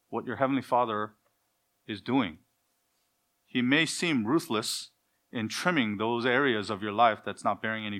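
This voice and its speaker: A man's voice: mid-range voice, fairly bright tone. A man preaching a sermon as pastor, emphatic, posing rhetorical questions and answering them himself. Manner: acts out dialogues between parent and child.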